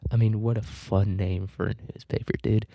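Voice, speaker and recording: A man's voice: fairly low pitch, little pitch movement, normal speed, gravelly, no room sound, muffled recording. A young man hosting a casual history podcast, loose and profane, joking with lots of fillers and asides. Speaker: podcast host.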